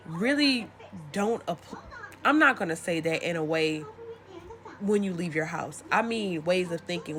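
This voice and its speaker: A young adult woman giving a casual, encouraging motivational talk to camera, addressing the listener warmly and conversationally. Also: fairly low pitch. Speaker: spiritual content creator.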